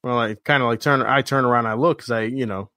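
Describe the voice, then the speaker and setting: A man's voice: mid-range voice, steady tone, quick pace, sharp tone, no room sound, clean studio sound. A man co-hosting a casual sports podcast, telling rambling stories, swearing, and acting out the voices of people he met. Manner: rambling storyteller, acts out quoted voices, swears. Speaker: podcast co-host.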